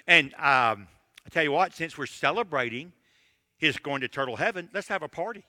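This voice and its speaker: A man voicing a kind father who soothes his grieving little son with quick, coaxing promises. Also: fairly high pitch, lively intonation, sharp tone, no echo, long reverb tail. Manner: coaxing, rapid string of promises.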